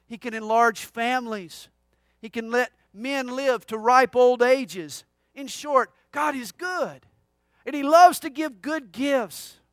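High-voiced, dynamic preaching man. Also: slow pace, dry recording, studio quality. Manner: dynamic preaching, swinging from loud declaration to hushed intimacy. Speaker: pastor. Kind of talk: sermon.

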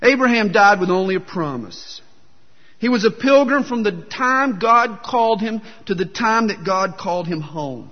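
A man's voice: high-pitched, animated, moderate pace. A man preaching a sermon, telling folksy jokes with a self-deprecating humor, recorded in a dull, echoey hall. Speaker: pastor.

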